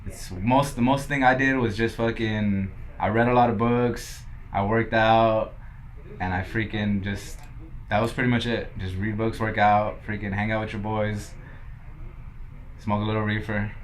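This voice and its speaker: A man's voice: on the low side, flat delivery, a little slow, a little hiss or hum. A young man from Los Angeles, a podcast guest who tells his story casually, swearing often and acting out what others said. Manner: laid-back, swears a lot, quotes others in dialogue.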